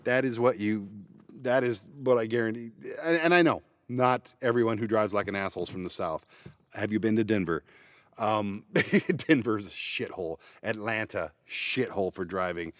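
A man's voice: fairly low pitch, moderate pace, no echo, studio quality. A man hosting a solo podcast, ranting bluntly and sarcastically with plenty of profanity. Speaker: podcast host. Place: parked van.

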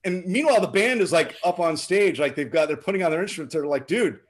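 A man's voice: fairly high pitch, quick pace. A man, a drummer, casually telling a story from his gigs and acting out the voices of the people in it. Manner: animated, acts out voices in anecdotes. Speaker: drummer and co-host.

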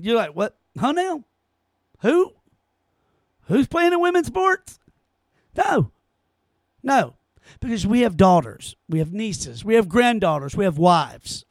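A man's voice: very high-pitched, no room sound. A man giving an opinion monologue in an emphatic, rhetorical way, often repeating his phrases. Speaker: commentator.

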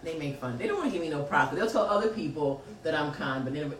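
A woman hosting a podcast reads live chat comments aloud, laughing and teasing in loose slang during casual conversation. Her voice is low, expressive, and quick, recorded on a distant mic with roomy echo and faint noise.

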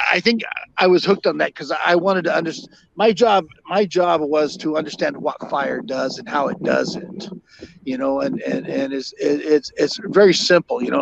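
An older man, a podcast guest and former fire captain, telling long stories in a halting way with many fillers and restarts. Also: on the high side, vocal fry, slight background noise. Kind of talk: storytelling interview. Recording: dull lo-fi dry sound.

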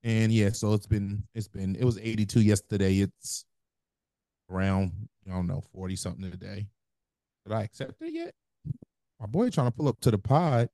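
A man's voice: fairly low pitch, expressive, normal speed, mellow, no echo. Laid-back young man with a Mississippi accent. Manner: laid-back, rambling storytelling with slang. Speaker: podcast co-host. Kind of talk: casual podcast banter.

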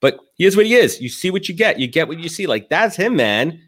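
A man hosting a podcast, telling rambling, animated stories with many restarts in casual talk. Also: a little high, brisk. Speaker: podcast host.

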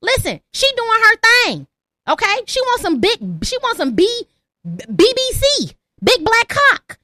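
A very high, lively woman's voice hosting a call-in podcast, emphatic and full of rhetorical questions. She speaks with a bright, sharp edge. The sound is close and dry. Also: normal speed, no echo. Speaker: podcast host. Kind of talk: heated call-in podcast commentary.

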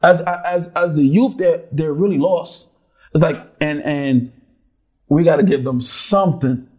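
Man, slightly high-pitched, animated casual storyteller. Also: a little slow. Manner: animated storyteller, repeats words when excited. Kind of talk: casual chat.

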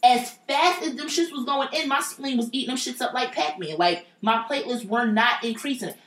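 A woman's voice: fairly high pitch, fairly quick, fairly bright tone, a little hiss or hum. A woman telling a personal story in a blunt, profane and emphatic casual way. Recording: roomy echo.

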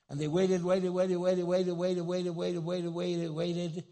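High-voiced, gravelly pastor preaching. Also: male voice, fairly even intonation, a little slow, a little mellow. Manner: humorous storytelling with rhetorical questions. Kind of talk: sermon. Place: church.

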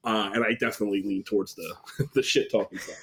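A man's voice: fairly low pitch, fast, a little hiss or hum. A man chatting on a podcast in a loose, rambling way. He keeps the talk casual and peppers it with fillers and the odd curse. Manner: relaxed, rambling, frequent fillers and swearing.

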